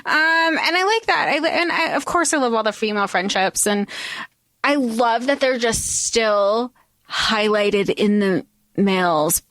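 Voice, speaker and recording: A woman's voice: medium pitch, lively intonation, a little slow, a bit bright, dry recording. A woman co-hosting a podcast, chatting casually about a book with lots of filler words. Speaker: podcast co-host.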